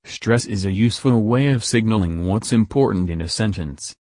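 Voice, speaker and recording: A man explaining English sentence stress in a recorded lesson, slowing to stress his example words. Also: fairly low pitch, darkish tone, no room sound, clean studio sound. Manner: slow, deliberate word-by-word emphasis on examples. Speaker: English teacher.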